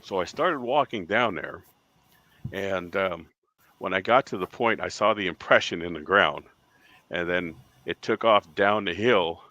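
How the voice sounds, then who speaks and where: A deep-voiced man from the United States tells his story as an interview guest, bright in tone and lively as he acts out other people's lines. The recording is dry and close. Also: measured pace, dry recording, highs cut off. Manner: animated storyteller acting out quoted voices. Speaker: guest, Bigfoot witness.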